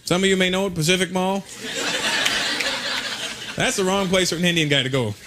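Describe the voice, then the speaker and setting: High-voiced man doing stand-up. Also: a little fast. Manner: animated, mocking, slips into voices. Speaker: stand-up comedian. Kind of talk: stand-up comedy routine. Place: on stage before a live audience. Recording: live stand-up recording, loud background noise.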